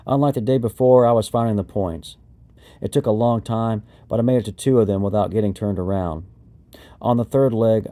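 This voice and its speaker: Male narrator for a first-person memoir audiobook: a lowish voice, steady and matter-of-fact.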